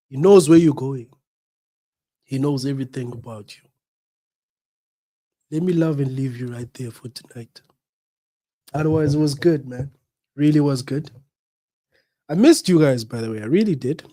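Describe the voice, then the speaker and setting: A man's voice: medium pitch, dark tone. A South African man hosting a radio show, who has the flu and coughs, speaking in an earnest, preachy way and repeating his points. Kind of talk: reflective talk-show monologue.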